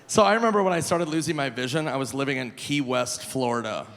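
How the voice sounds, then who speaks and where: A man in his forties performing a live stand-up comedy set, animated and loose, breaking into squealing high voices for punchlines. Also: fast talker. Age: 40s. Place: large theater stage. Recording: live venue with long reverb, faint noise.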